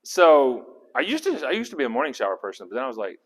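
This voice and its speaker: A man's voice: medium pitch, quick pace, a crowd in the background. A man leading a casual Bible study, talking through the passage and asking his group questions. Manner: animated, acts out characters' lines; conversational, asks the group questions.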